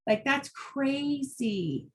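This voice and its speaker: Woman, high voice, motivational talk, blunt, fired-up, keeps saying "right?". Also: lively intonation, very slow. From United States. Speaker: host.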